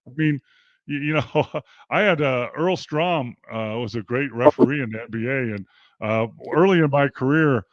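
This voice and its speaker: Medium in pitch and normal in pace, this older man's voice comes through muffled, with no room sound. He's a former pro player turned basketball coach, telling stories in a casual interview and animatedly acting out the quotes.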